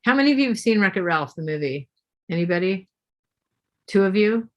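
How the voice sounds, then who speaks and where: A middle-aged woman guest speaker telling a story to an audience, lively and asking them questions along the way. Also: medium pitch, a little fast, dull audio.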